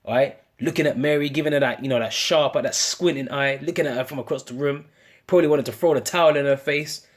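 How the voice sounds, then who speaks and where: Husky British man preaching casually. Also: medium pitch, fast. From United Kingdom. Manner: casual slang, ends phrases with "man", many restarts. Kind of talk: informal street-style sermon.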